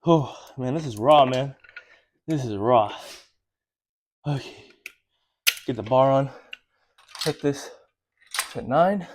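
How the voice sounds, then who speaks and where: Slow-talking, winded man in a gym. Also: mid-range voice, lively intonation, darkish tone, slight background noise. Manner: strained counting with grunts between reps. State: out of breath. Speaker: vlogger. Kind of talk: workout vlog, counting reps aloud. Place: gym, indoors.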